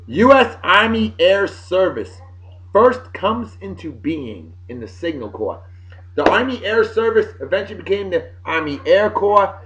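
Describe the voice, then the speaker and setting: A man reads off the day's history and throws in blunt, jokey opinions. His voice sits a little high for a man. The recording is dull and lo-fi, like a cheap home setup. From Massachusetts. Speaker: video blogger. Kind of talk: casual daily history rundown.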